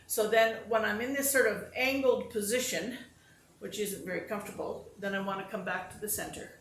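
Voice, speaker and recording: A woman in a casual vlog, chatty and self-deprecating, narrating her movements step by step. Her voice sits at an ordinary middle pitch. The room echoes noticeably, with a faint hum of ambience behind her. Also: steady tone, fairly quick, fairly bright tone. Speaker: vlogger demonstrating exercises and telling stories. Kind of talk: casual talk to camera. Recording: roomy echo with faint ambience.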